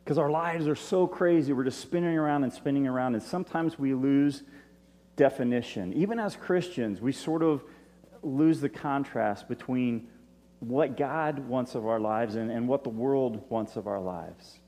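A man giving a sermon as a pastor, in a relaxed, conversational way with asides to his listeners. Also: medium pitch, normal speed. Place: church stage. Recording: long reverb of a large hall.

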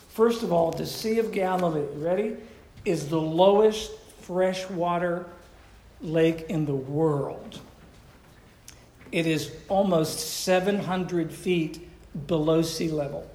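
A man's voice: fairly high pitch, gravelly, a little mellow, reverberant, slight background noise. A man preaching a sermon in a conversational way, often asking his listeners questions. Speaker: pastor.

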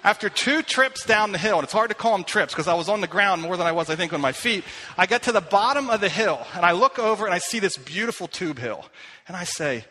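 A man's voice: high voice, expressive, quick pace, bright, forceful tone. A middle-aged man preaching a sermon, telling self-deprecating personal stories with many fillers and restarts. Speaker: pastor. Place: church hall. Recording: long hall reverb.

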